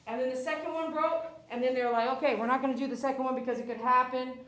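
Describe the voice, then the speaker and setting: A woman's voice: sits high, fairly even intonation, very fast, a bit bright. Cheery woman groomer cooing at a dog. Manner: coos and baby-talks to the dog, bursts into cheers. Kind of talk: live grooming chat with viewers. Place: grooming salon. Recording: echoey room.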